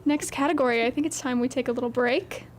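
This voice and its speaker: A woman's voice: high-pitched, fairly even intonation, quick pace, a little hiss or hum. A woman co-hosting a college radio talk show, easygoing and agreeable in casual chat. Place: small college radio studio.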